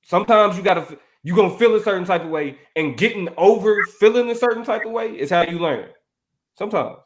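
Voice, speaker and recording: A man co-hosting a podcast with a fairly high voice. He is laid-back and loose and laughs a lot. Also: animated, quick pace, slight background noise. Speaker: podcast co-host. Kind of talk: casual podcast chat.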